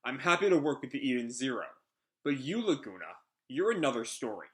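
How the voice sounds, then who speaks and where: A man's voice: mid-range voice, very animated, brisk, a bit bright. A man voicing a stern male gang boss from a manga, speaking in a firm way.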